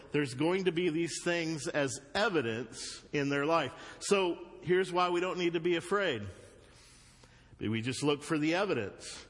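Southern US male pastor, mid-pitched, preaching with emphatic swings, church hall reverb. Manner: swings from loud emphatic bursts to low earnest asides. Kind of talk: sermon. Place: church sanctuary.

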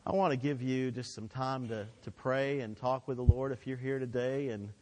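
A man's voice: mid-range voice, steady tone, moderate pace, mellow. Male pastor preaching, emphatic ups and downs, long church reverb. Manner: emphatic preaching with swelling and dropping delivery, leads call-and-response. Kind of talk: sermon. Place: church sanctuary.

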